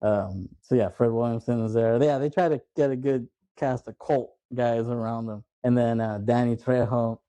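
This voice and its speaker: A man's voice: medium pitch, fairly even intonation, moderate pace, hardly any pauses, dark tone, no echo, low-quality recording. A man hosting a casual movie podcast, animatedly retelling scenes, acting out lines and laughing often. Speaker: podcast host.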